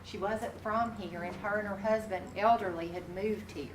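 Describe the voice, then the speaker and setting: Nursing instructor, lively classroom storyteller, distant mic in an echoey room. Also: female voice, medium pitch, normal speed, noisy background. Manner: folksy, animated storyteller who talks straight to the class.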